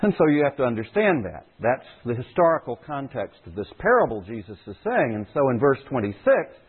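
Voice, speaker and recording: A man's voice: mid-range voice, sing-song, brisk, slightly rough. A man preaching a sermon as a pastor, speaking with emphasis and repeating key phrases for stress. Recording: tinny phone-like audio.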